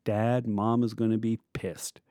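A man's voice: fairly low pitch, flat delivery, a little slow, warm tone, no room sound, clean studio sound, natural voice. Exasperated teenage sister, as a man reads her. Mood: sarcastic. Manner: sarcastic, complaining. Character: teenage girl, exasperated and complaining older sister.

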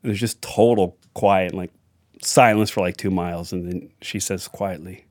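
A man's voice: sits low, fairly even intonation, moderate pace, darkish tone, dry recording. A man telling a family anecdote in a chatty, wry way with side remarks. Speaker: storyteller. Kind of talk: anecdotal storytelling.

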